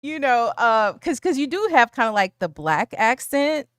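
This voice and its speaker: A chatty woman with a fairly high voice co-hosts a film discussion from home. She talks casually and leans on fillers as she works through prepared questions. Her voice is close and dry, with hardly any room sound. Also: big pitch swings, normal speed, clear, resonant tone, dry recording. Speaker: co-host of a film discussion stream.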